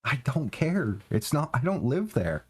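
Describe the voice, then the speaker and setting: A man's voice: mid-range voice, very animated, measured pace, husky. A young man from Canada, a streamer ranting in casual, profane chat while he plays, laughing often.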